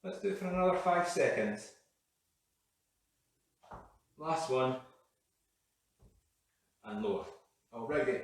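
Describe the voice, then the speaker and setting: A man's voice: medium pitch, expressive, takes it slowly, creaky, pauses often. A man leading a live workout while exercising, out of breath and breathing hard as he talks. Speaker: fitness coach. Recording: echoey room, mic far off.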